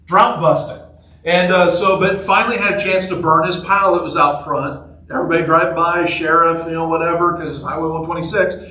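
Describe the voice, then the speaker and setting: A pastor with a high-leaning, pushed, bright voice keeps a steady tone while talking a little fast. He jokes and chats through his sermon, telling stories and asking the people in the pews questions. The echoey church sanctuary leaves his voice sounding far off.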